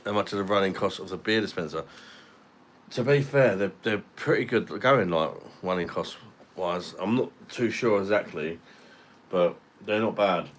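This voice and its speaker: A man's voice: low voice, normal speed, a little hiss or hum. A man, chatting casually on a live stream and answering viewers' comments. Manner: laid-back, chatty, reads out viewer comments.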